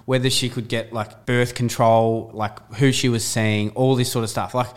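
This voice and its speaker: A young man co-hosting a relaxed podcast, telling stories with lots of energy. His voice sits at a middle pitch, and he slips into the voices of the people he describes. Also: moderate pace. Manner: animated storyteller, acts out quotes. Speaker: podcast co-host. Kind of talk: casual chat.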